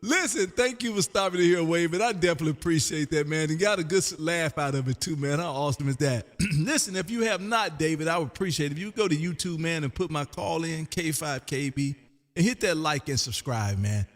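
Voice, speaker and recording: A man hosting a casual ham radio chat, loud and folksy, calling everyone man. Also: fairly high pitch, expressive, fairly quick, big-room sound. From Texas.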